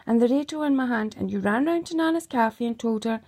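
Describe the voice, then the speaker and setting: A middle-aged woman with a fairly high voice goes over old grievances with her daughter. She talks in an emphatic, accusing way and keeps pressing with "right?". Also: animated, brisk, darkish tone. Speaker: mother. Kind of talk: emotional recounting monologue.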